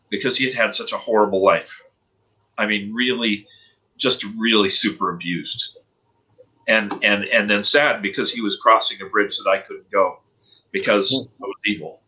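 Man guest, deep-ish bright voice, earnest testimony, slightly muffled recording. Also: unhurried. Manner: earnest, emotional storytelling. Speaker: interview guest. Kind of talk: personal testimony in interview.

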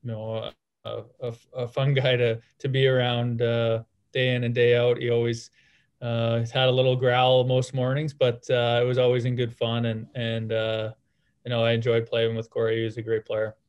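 A former hockey player in his thirties appears as a guest, answering at a normal speed in a relaxed, casual way full of fillers and restarted sentences. His pitch barely shifts, so his delivery stays flat, level and calm throughout. His voice is clean, but the sound is lo-fi.

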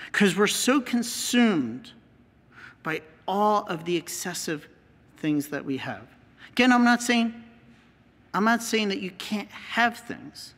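American priest teaching, higher voice, earnest and repetitive, long hall echo. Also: male voice, big pitch swings, measured pace, pushed and bright. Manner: earnest, repeats key phrases for emphasis. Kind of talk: teaching talk with slides.

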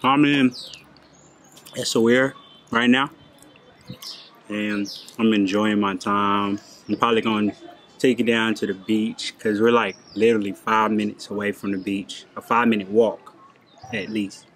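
A man's voice: fairly low pitch, fairly even intonation, measured pace, long pauses, fairly bright tone, slight background noise. An American man from North Carolina, casually vlogging a trip by the ocean and talking to viewers in a laid-back, chatty way. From North Carolina, USA. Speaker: travel vlogger. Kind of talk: casual travel vlog. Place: outdoors by the ocean and in a cafe.

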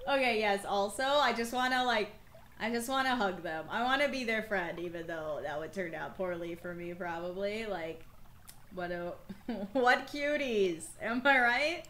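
A woman's voice: mid-range voice, normal speed, fairly bright tone, a little hiss or hum. A young woman with a slightly worn voice, chatting casually and swearing freely while she plays through a game on stream. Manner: chatty, profane, laughs often. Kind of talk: casual let's-play commentary.

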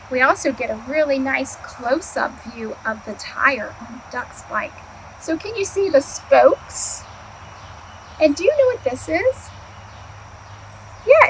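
In a slow, clear storytime voice, an early childhood educator reads a picture book aloud to small children. She's animated, asking them questions and answering herself. Her voice is high, and the audio is poor with a little hiss or hum.

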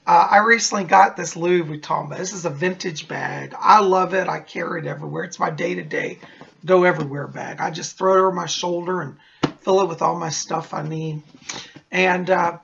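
A man's voice: high voice, gravelly, a bit bright, husky. A man hosting his psychic channel, telling a story in a chatty, theatrical vlog manner, in a dull lo-fi recording.

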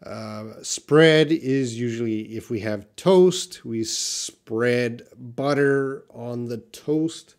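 A middle-aged man from Canada with a light Canadian accent, answering viewers' questions in a live English lesson and thinking aloud with many pauses and restarts. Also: medium pitch. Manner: relaxed, thinking aloud with frequent uhs and restarts. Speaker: English teacher.

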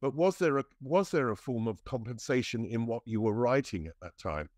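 A man's voice: mid-range voice, expressive, brisk, a little mellow, dry recording, studio quality. Hesitant male podcast interviewer. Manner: searching, hesitant questions with many fillers.

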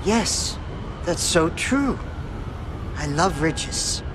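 An actor playing a bystander who chimes in with mild, deadpan agreement in a film comedy. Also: male voice, a little high, extremely slow, background noise.

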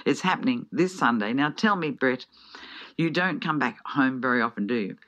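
A woman hosting a live radio interview, chatty and laughing often, reading out ticket details slowly. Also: very deep voice, animated, a bit bright. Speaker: radio host. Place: radio studio. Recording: dull lo-fi radio broadcast.

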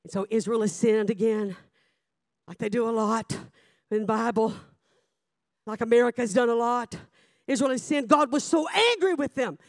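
A woman preacher, delivering a revival sermon that swings between shouted passages and hushed asides. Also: on the high side, moderate pace, pauses often, dry recording, studio quality.

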